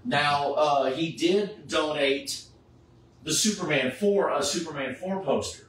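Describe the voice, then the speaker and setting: A man's voice: fairly high pitch, takes it slowly. A middle-aged man chatting casually, telling a story and acting out the people he quotes. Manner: animated, acts out the people he quotes. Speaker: charity Superman cosplayer. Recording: echoey room, far from the mic, faint background noise.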